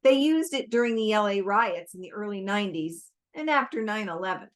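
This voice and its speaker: A woman reading aloud, voicing a male government agent who has a slow Texan drawl. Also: medium pitch, animated, natural voice. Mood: dry.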